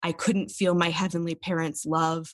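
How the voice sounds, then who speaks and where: This podcast guest has a fairly low, fairly flat voice and speaks at a normal speed on a dry recording. In candid interview talk, she opens up earnestly about personal experiences, occasionally becoming tearful.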